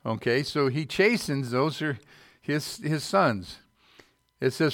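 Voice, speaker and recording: A man's voice: medium pitch, unhurried, fairly bright tone, no room sound, clean studio sound. A man preaching a sermon, reading scripture aloud and checking in with his listeners.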